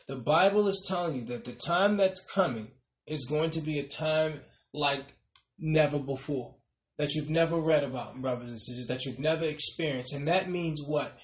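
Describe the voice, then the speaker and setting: A man preaching a sermon, rising emphatically on key points and dropping to a soft tail on "brothers and sisters". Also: fairly high pitch, normal speed, roomy sound.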